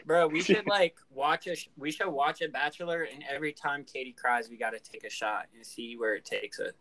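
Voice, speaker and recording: A man's voice: fairly high pitch, a little fast, bright, forceful tone, poor audio. A young man with a somewhat raised voice chats with his friends. He jokes around and acts out what other people say. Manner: joking, acts out others' lines. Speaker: friend in group chat. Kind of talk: casual chat.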